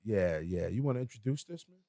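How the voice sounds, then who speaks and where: A man's voice: fairly low pitch, lively intonation, fast talker, dark tone, no echo, studio quality. A man hosting a podcast in laid-back, slangy casual chat, with plenty of fillers. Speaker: podcast host.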